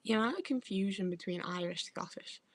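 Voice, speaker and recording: A woman's voice: mid-range voice, brisk. A young woman with a northern English accent chatting casually on a livestream, laughing often and swearing freely. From Stoke-on-Trent, England. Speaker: livestreamer reading chat. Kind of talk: casual chat.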